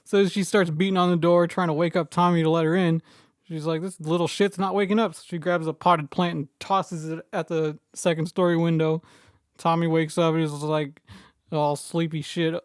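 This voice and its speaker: A man co-hosting a horror podcast, recapping the film in a wry, deadpan casual chat and correcting details. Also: on the high side, normal speed, clear, resonant tone, no echo, studio quality. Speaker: podcast co-host.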